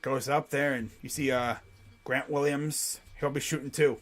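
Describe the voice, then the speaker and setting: A man streaming casual play-by-play commentary on a basketball game, jumping between quick excited calls and rambling, jokey asides. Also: medium pitch. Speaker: live reaction play-by-play streamer.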